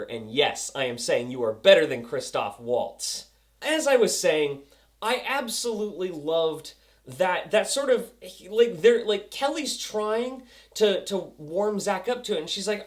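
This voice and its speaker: A young man reviewing a TV episode, excitable and goofy, acting out scenes as he goes. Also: a little high, measured pace. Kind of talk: casual review vlog.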